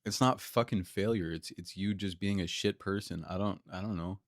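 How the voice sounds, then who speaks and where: A man reacting live on stream, exasperated and mocking, swearing freely as he talks back at a clip. His voice sits fairly low, and it is recorded dry and close. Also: normal speed, no echo.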